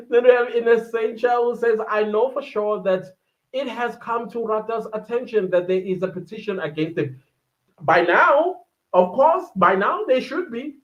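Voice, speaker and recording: South African woman, livestream host, chatty and animated, muffled low-fi sound. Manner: chatty, animated, quick asides and laughs. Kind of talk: casual livestream chat reading viewer comments. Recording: dull lo-fi livestream audio.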